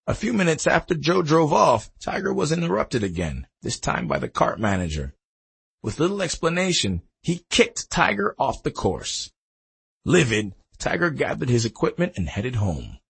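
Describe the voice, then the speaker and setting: A male narrator reads a nonfiction audiobook with expressive delivery. His voice is gravelly and husky. His pitch moves in a lively way. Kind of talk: scripted narration.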